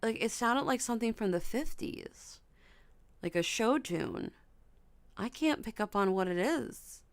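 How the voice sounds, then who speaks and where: A woman's voice: expressive, a little slow, no room sound. Spooked young woman streaming from her bedroom. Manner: startled, mimics melodies with high "da da" humming. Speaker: livestream host. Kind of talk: casual livestream chat. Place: home bedroom at night.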